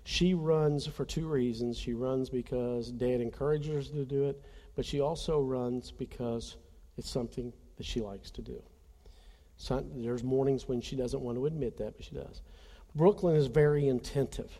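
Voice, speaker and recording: A man's voice: mid-range voice, fairly even intonation, moderate pace, dark tone, in a large hall. A man preaching a conversational sermon, telling a personal story earnestly and speaking straight to his congregation. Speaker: pastor.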